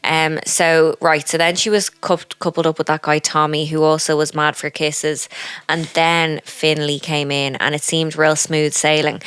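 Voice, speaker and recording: A young woman co-hosting a podcast, chatting casually with quick, teasing banter and frequent laughs. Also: low-pitched, flat delivery, fairly bright tone, smooth, dry recording. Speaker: podcast co-host. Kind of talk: casual chat.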